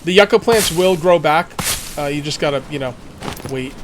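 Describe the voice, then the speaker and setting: A man's voice: a little high, moderate pace, noisy background. Chatty man narrating his gameplay. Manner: chatty, thinks aloud, jokey asides. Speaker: let's play gamer. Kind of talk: casual gameplay commentary.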